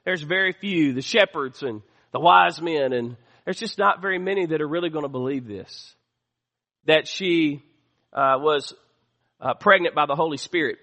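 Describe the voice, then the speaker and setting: High, bright-voiced preacher in a reverberant hall. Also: male voice, normal speed. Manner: preaching with call-and-response asides to the congregation. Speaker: pastor. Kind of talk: sermon. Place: church sanctuary.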